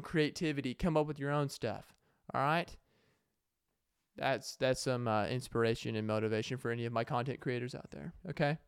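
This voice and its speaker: A young man hosts his own podcast alone, rambling from jokes to heartfelt memories and tripping over his own restarts. His voice is smooth and clean. The sound is dry and close, with no room around it. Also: medium pitch, dry recording. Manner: rambling, joking, emotional, with many restarts and fillers. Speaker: podcast host. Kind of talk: casual solo podcast monologue.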